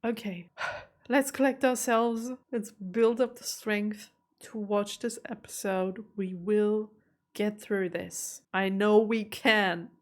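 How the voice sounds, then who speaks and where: A young woman hosts a TV reaction video, chatting in an emotional, exclamatory way as casual commentary. Her voice is medium-pitched with a steady tone, and she speaks slowly.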